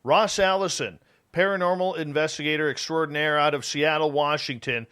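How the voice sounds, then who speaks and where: A man's voice: a little high, steady tone, brisk, bright, forceful tone, clear, resonant tone. A man hosting a talk radio show, breezy and jokey, greeting chat viewers.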